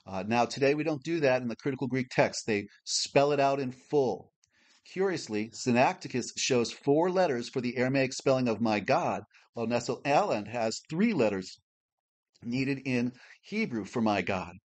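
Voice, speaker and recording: A man teaches a Bible class, reading a prepared lesson in a measured, explanatory manner and slowly spelling out letters. His mid-range voice is animated.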